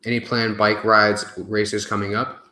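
A man's voice: lowish voice, flat delivery, measured pace, sharp tone. A young man chatting casually on his live stream, reading out viewer questions and answering them loosely, with fillers and the odd swear word. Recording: echoey room.

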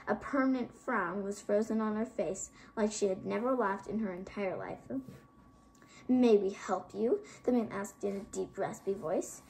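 A woman's voice: medium pitch, normal speed, gravelly, few pauses, darkish tone, slight background noise, rough recording. A woman narrating a children's fantasy book aloud, reading steadily with occasional slips and restarts. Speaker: audiobook reader. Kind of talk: storybook narration.

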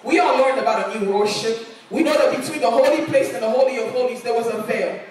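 A woman's voice: a little high, quick pace, darkish tone. A woman preaching a sermon in a church, earnest and repeating lines for emphasis. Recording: echoey church hall, voice from far off.

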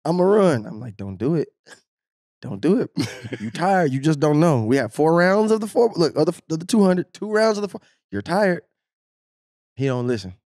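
A man on a podcast telling a lively story, laughing often and acting out what others said. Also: a little high, fairly quick, no room sound, clean studio sound. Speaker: podcast co-host, former sprinter. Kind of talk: casual storytelling chat.

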